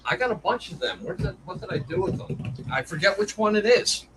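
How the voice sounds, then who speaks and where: A man's voice: sits high, sing-song, fairly quick, background noise. A man chatting as a guest on a card-break livestream, laughing easily and talking while he digs through his boxes. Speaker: stream guest. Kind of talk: casual livestream chat.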